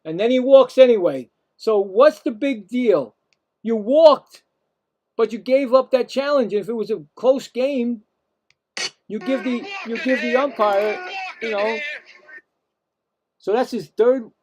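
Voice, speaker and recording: Excitable high-voiced play-by-play man. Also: slow, pauses often. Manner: excitable, rants at calls and chats to viewers. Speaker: play-by-play host of a streamed game. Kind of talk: live play-by-play commentary.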